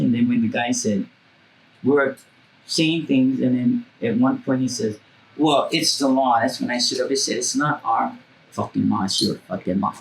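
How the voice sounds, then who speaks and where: A woman's voice: extremely low pitch, vocal fry, a little hiss or hum, rough recording. A woman telling stories bluntly in an interview, swearing freely and acting out the voices of the people in them. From Hawaii. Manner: acts out voices in her stories. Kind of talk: casual storytelling.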